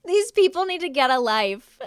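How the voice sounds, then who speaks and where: A woman's voice: high voice, sing-song, moderate pace, no room sound, clean studio sound. A young woman live streaming from home, chatting casually with her viewers and answering their chat with playful sarcasm.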